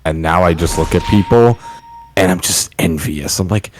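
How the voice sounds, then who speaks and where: A man's voice: low voice, normal speed, faint music behind. A young man in casual chat as a stream co-host, joking and self-deprecating, laughing often.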